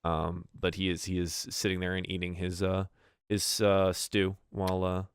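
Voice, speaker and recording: A man's voice: deep voice, completely flat delivery, normal speed, clear, resonant tone, dry recording, studio quality. A man narrating a tabletop game as game master, talking loosely with plenty of fillers. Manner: loose and rambling, with many fillers.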